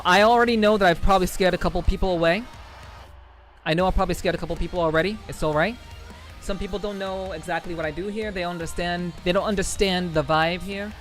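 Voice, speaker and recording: High-voiced man swearing through casual stream chat. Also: a bit bright. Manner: profane, rambling, laughing, repeats himself. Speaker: livestreamer reading chat. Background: faint background music.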